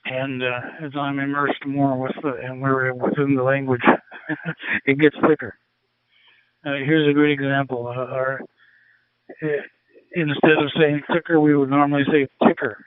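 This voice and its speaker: A Canadian-accented man talking over ham radio, pausing often with fillers as he gathers his words. His voice comes through thin and tinny. It sounds dry and close, with no room around it. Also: medium pitch, little pitch movement, dry recording. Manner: hesitant, warm-hearted, many fillers. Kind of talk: casual radio chat.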